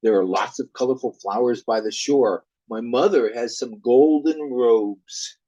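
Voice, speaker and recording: A man reading aloud as a supernatural elf king who slowly coaxes a child to come with him. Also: mid-range voice, dark tone, lo-fi sound, lightly acted. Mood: coaxing. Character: luring male elf king spirit.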